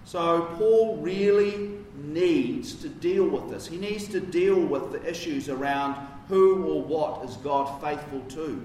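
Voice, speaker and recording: A man's voice: on the high side, takes it slowly, hardly any pauses, a little mellow, a little hiss or hum. A man preaching a sermon in a conversational, emphatic way, with casual asides. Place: church. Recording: roomy echo from a distance.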